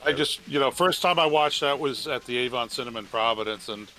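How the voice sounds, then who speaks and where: A man chatting casually while playing a game, speaking softly and hesitantly with restarts. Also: mid-range voice, brisk, poor audio. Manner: soft-spoken, hesitant, restarts. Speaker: co-player. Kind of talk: casual chat while gaming.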